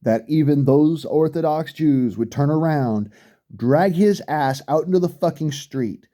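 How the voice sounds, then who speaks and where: A middle-aged man with a very dark, mellow voice rants bluntly to the camera. He swears heavily and repeats his points for emphasis. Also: fairly high pitch, measured pace. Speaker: vlogger. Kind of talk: profane rant.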